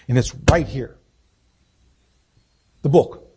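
A man delivers a church sermon in a raised, rather high voice with a husky edge. He swells on his key points and then drops to softer, conversational asides to the congregation. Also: expressive, normal speed. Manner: preaching with rising emphasis, then dropping to quiet asides. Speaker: pastor. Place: church sanctuary.

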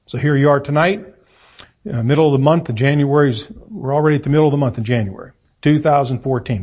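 A middle-aged man preaching an evening sermon in a church room, reading scripture and stressing words deliberately with fillers and pauses. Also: a little high, darkish tone, husky. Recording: muffled lo-fi sermon recording.

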